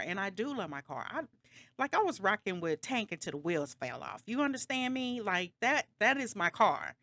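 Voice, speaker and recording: A woman's voice: mid-range voice, sing-song, normal speed, a bit bright, no echo. A woman vlogger telling a story in a casual, rambling way, slightly dramatic and sarcastic, backtracking often with lots of fillers.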